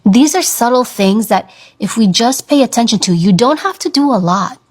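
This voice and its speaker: A woman in her thirties giving an earnest motivational talk about owning your voice, slowing down to stress her points. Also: on the high side, lively intonation, a little mellow. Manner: earnest, coaching, stretches words for emphasis. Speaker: speaker on confidence and voice.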